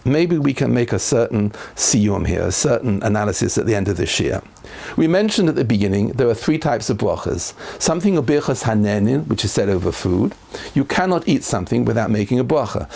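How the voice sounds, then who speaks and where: A man's voice: gravelly, a little mellow. A man, a rabbi, giving a Torah class in an earnest lecturing manner, his voice rising when he quotes verses. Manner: earnest, rises in pitch when quoting verses.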